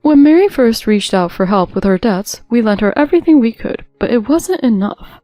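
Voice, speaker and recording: A woman playing a kind, sorrowful older mother in a told story, soft and apologetic in every phrase. her voice stays close and dry, with a gentle weariness. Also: on the high side, animated, moderate pace, no room sound, faint music behind, close to an everyday voice.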